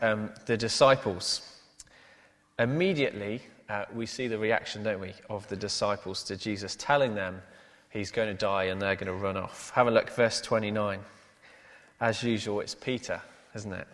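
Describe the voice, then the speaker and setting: Male pastor preaching in a reverberant hall. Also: fairly low pitch. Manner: frequent "uh" fillers, rhetorical tag questions. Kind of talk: sermon.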